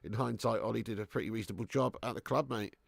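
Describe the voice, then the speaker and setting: Speaking quickly with a fairly low pitch and some vocal fry, this young man runs a live football watch-along. He gets excitable, curses freely, and reads out viewer messages between match commentary, with no echo on the sound.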